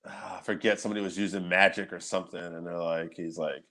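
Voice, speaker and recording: A man's voice: deep voice, fairly even intonation, quick pace, sharp tone. A man co-hosting a podcast in casual chat, rambling through movie memories, laughing often and swearing freely. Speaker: podcast co-host.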